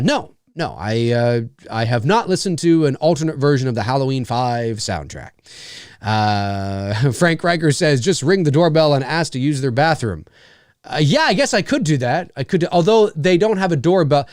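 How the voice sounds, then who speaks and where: A man's voice: medium pitch, sing-song, moderate pace, a little mellow, smooth, no echo, studio quality. A man hosting a casual live stream, rambling through viewer comments with lots of fillers and frequent laughs. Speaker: live show host.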